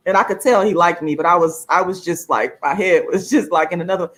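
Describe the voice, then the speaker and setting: Woman, vlogger, casual monologue, emphatic, swears freely, big pitch jumps. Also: fairly quick. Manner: emphatic and profane, with laughs between points; pitch swings widely, often jumping high for emphasis.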